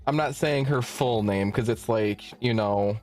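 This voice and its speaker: A man's voice: lowish voice, a little slow, music in the background. A young man streamer casually telling a long work story, swearing freely and acting out the dialogue in it. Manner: animated, swearing, acts out quoted dialogue.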